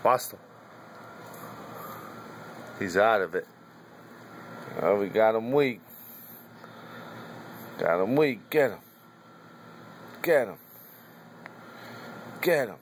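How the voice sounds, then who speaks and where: A man's voice: lowish voice, animated, very slow, pauses often, a little hiss or hum. A man filming his dog, chattering casually, laughing, teasing and cooing at the pet. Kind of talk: casual home video commentary.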